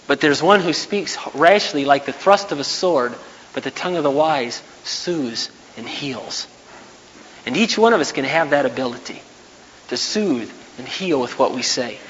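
A man giving a sermon in a conversational, storytelling manner, with sudden loud bursts. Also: fairly high pitch, lo-fi sound. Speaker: preacher. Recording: hall reverb, faint background noise.

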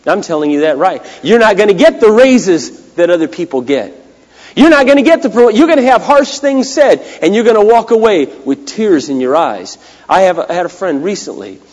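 A man preaching a sermon, swinging between loud cries and hushed, quiet lines. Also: sits high. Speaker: pastor. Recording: long hall reverb.

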